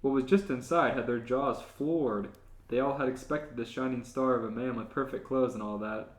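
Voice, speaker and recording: A man reading fanfiction aloud on a comedy podcast at an everyday pitch. The sound is roomy, with a clear echo. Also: fairly even intonation, normal speed. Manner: reads aloud, often laughing. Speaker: podcast co-host.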